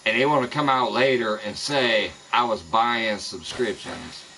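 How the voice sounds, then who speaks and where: A man's voice: fairly low pitch, measured pace, pushed and bright, a little hiss or hum, low-quality recording. A man streaming live from home, ranting angrily and swearing heavily at people he says spread lies about him. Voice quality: profane, heated ranting. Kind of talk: angry live-stream rant. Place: home in the American Midwest.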